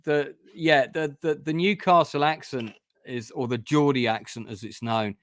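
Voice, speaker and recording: A man's voice: mid-range voice, fairly even intonation, moderate pace, fairly bright tone. A man hosting a casual review discussion, retelling scenes in a rambling way with frequent restarts. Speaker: host of a review channel.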